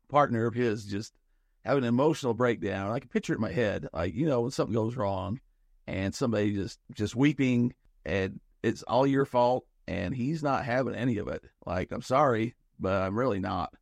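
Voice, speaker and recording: A man's voice: lowish voice, moderate pace, creaky, a little mellow, no room sound. A man co-hosting a podcast in casual chat, rambling and thinking aloud with many restarts. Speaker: podcast co-host.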